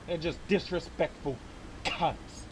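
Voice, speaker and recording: Male streamer, furious rant, heavy profanity, slightly high pitch. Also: slow pace, slight background noise. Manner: angry, swearing constantly. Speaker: game streamer. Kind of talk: live-stream gameplay rant.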